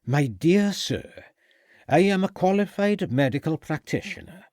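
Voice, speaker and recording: A man's voice: on the high side, lively intonation, brisk, a little mellow, no room sound, voice pushed up. A man voicing a pompous, long-serving town doctor with a pronounced Welsh accent who talks stiffly and self-importantly.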